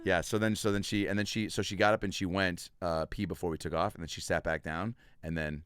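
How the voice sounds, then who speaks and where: A man's voice: sits low, a little fast, clear, resonant tone, no echo, clean studio sound. A man in his thirties hosting a podcast in casual chat, telling stories and acting out voices. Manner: animated storyteller, acts out voices. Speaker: podcast host.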